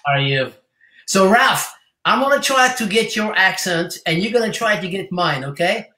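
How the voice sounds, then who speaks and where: A man's voice: high-pitched, lively intonation, normal speed, pushed and bright, echoey room. A male singer as a guest in a casual interview, playful and putting on a mock New York voice for fun.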